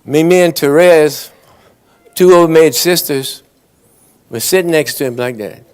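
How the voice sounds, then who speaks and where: Man, Cajun Louisiana accent, folksy joke-telling drawl, slightly high voice. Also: measured pace, darkish tone, smooth. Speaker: storyteller at an awards banquet. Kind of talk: comic storytelling.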